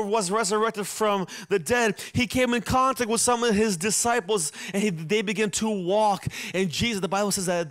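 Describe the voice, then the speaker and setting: A man pastor preaching a sermon, repeating his lines and swinging between hushed phrases and shouted ones. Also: sits high. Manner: swings from quiet to shouting, repetitive preaching cadence.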